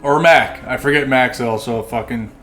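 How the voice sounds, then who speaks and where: A man's voice: mid-range voice, moderate pace, pushed and bright. A man hosting a podcast, laughing often and swearing freely in casual chat. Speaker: podcast host. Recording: faint music behind. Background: faint music.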